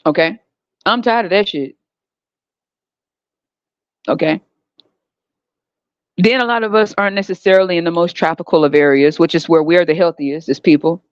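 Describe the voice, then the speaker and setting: A woman's voice: lowish voice, normal speed, pauses often, dry recording. Woman podcaster, heated profane rant, sarcastic, dull lo-fi sound, dry. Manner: blunt, heated, sarcastic, swears heavily. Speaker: podcast host. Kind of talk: profane ranting monologue.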